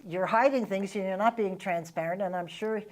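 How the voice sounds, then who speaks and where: A middle-aged woman with a Vermont accent hosts a relaxed interview. She talks conversationally, recalls old stories and laughs readily. Her pitch sits in the middle range for a woman. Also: fairly quick. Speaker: host and former legislator. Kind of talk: casual interview chat.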